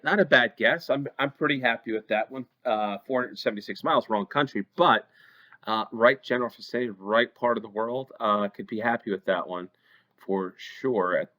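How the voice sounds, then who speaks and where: A man's voice: on the low side, sharp tone. An American man hosting a play-along geography game, thinking aloud with hesitant ums as he weighs each guess. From United States. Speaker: game show host. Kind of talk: play-along gameplay commentary.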